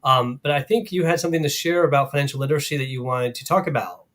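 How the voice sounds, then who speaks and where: A man's voice: medium pitch, fast, fairly bright tone. A man co-hosting a casual workplace live stream, upbeat and laughing often, with many fillers. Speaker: co-host of company live stream. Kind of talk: casual chat.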